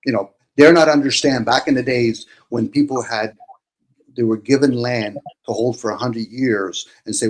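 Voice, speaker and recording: A man's voice: medium pitch, steady tone, moderate pace, low-quality recording. A man hosting a casual chat, talking bluntly and profanely in long rants.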